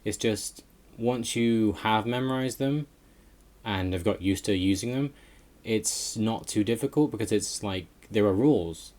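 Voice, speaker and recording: A man's voice: lowish voice, measured pace, darkish tone. A man giving a casual voice-over opinion as a language learner, chatty, with fillers and self-corrections.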